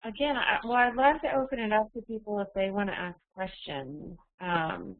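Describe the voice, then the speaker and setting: A woman's voice: mid-range voice, moderate pace, no room sound. A woman hosting a webinar for the first time, speaking hesitantly as she opens it to questions. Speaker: webinar host. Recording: tinny phone line, distant and dry.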